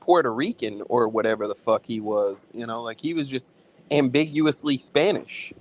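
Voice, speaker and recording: A man co-hosting a film review chat, talking in an animated, profane, slang-heavy way. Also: medium pitch, moderate pace, poor audio. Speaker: podcast co-host reviewing films. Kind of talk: casual chat.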